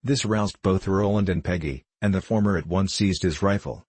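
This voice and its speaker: Male audiobook narrator: measured, low and husky, dry. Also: a little mellow, no echo. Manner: measured storytelling. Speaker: audiobook reader.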